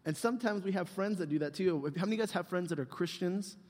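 A man's voice: high voice, fast talker, a little mellow. A man giving a casual, humorous youth sermon, rambling and joking with lots of fillers. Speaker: youth pastor. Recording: long hall reverb.

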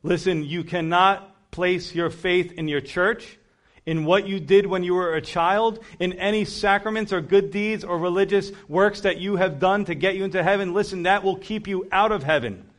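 A man's voice: sits high, normal speed, fairly bright tone. A man preaching an earnest, urgent evangelistic sermon.

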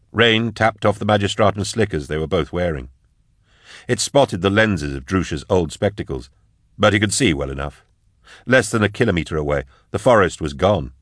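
A man reads an audiobook in a steady, measured way, and his voice sits very low. The recording is close and dry, with no room sound at all. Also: no room sound. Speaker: audiobook narrator. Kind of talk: scripted narration.

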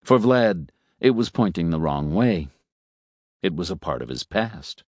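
A man narrates a story in a low, measured voice, changing his tone for each character. The recording is dry and close, with no room sound. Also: lively intonation, darkish tone, no echo. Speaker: audiobook narrator. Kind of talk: scripted narration.

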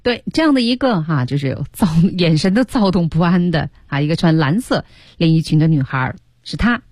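Lively low-voiced woman teacher. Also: dry recording, clean studio sound. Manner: explains slowly, stretches key words. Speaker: language teacher. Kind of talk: radio English lesson.

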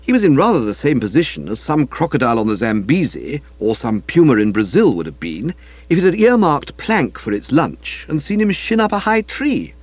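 A man narrating a comic novel aloud in a wry, lively storytelling manner. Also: mid-range voice, fairly quick, no room sound, dull audio. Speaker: audiobook narrator.

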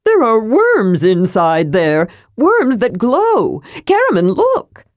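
A woman's voice: fairly high pitch, huge pitch swings, takes it slowly, no room sound, studio quality, voice pushed up, full character voice. A woman voicing an eager, chattery small male kender in an audiobook. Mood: excited.

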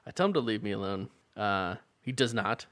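A man's voice: lowish voice, a little fast, no room sound. A man co-hosting a comedy podcast, reading a romance adventure aloud with playful asides and frequent laughter. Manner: animated, laughs often, playful character quotes. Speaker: podcast co-host reading a choose-your-own-adventure book. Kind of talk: casual comedic chat.

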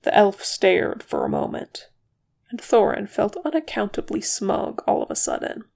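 A reader narrating fan fiction aloud in a steady, even manner. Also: mid-range voice, moderate pace, vocal fry. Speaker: audiobook reader.

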